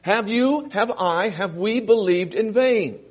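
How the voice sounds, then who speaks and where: A man preaching a sermon, reading scripture and explaining it, with loud emphatic stresses and quieter asides. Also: high-pitched, slow pace, breathy edge. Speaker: pastor.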